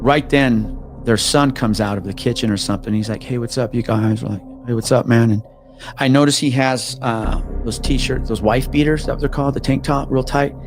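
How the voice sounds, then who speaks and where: A man at a middle pitch recounts a story in loose, conversational podcast talk. He shifts his voice for the people he quotes, sometimes going quiet and hushed. Faint music runs underneath. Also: normal speed. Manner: animated, acts out quoted people, drops to hushed tones. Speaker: podcast guest telling a story.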